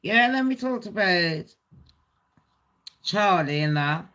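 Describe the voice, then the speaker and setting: A woman's voice: on the low side, expressive, slow pace, a bit bright. A woman hosting a live gossip stream, chatting in a blunt, rambling way with heavy swearing.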